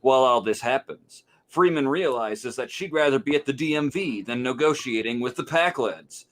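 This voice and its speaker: A man running through an episode recap on a podcast. He talks in a steady monotone that barely rises or falls, in the loose style of a casual chat among friends. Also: medium pitch, normal speed. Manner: monotone delivery.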